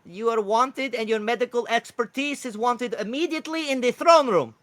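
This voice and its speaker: A man voicing a male blue kookaburra bard messenger in a tabletop game, speaking in a high, drawn-out, fussy way. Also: fairly bright tone, dry recording. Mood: fretful.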